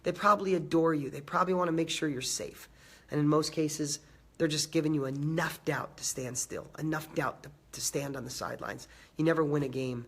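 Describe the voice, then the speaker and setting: A man with a somewhat high, husky voice, slightly hoarse from a cold, delivers a live motivational talk. He drives his points home by repeating and stacking phrases, then chats to viewers by name. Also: steady tone, brisk. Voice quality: raspy. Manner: emphatic, repeating phrases and building lists. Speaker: motivational host.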